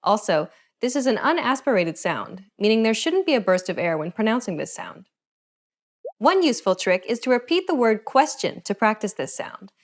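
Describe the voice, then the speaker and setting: A woman narrating a scripted pronunciation lesson with clear, measured explanations. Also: a little high, very animated. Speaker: pronunciation teacher.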